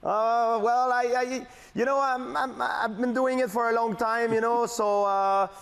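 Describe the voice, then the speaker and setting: A man's voice: a little slow, clear, resonant tone, big-room sound, full character voice. A man with a French-Canadian accent mimicking a talk show host over the phone, playful and full of fillers. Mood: flustered. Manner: high, animated, hesitant with many fillers. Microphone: telephone.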